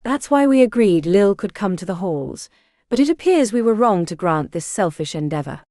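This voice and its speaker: A woman voicing a stern eldest witch sister who speaks low and mean, in an audiobook. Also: sing-song, moderate pace, dark tone, no room sound, studio quality, lightly acted. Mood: contemptuous.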